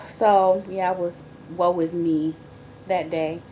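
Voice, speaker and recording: A woman chats candidly into her camera mic while on bed rest during pregnancy. Her talk is casual and full of restarts and asides. A faint low hum runs underneath. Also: little pitch movement, slow pace, dark tone. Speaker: vlogger. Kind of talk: casual pregnancy diary vlog.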